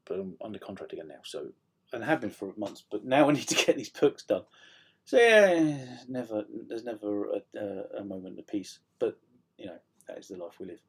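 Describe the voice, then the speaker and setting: A middle-aged man from South Yorkshire with a slightly croaky voice, chatting casually to camera in a rambling, self-deprecating way with many ums and restarts. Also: on the low side, lively intonation, normal speed. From South Yorkshire, England. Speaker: author vlogging a writing update. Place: home room, indoors.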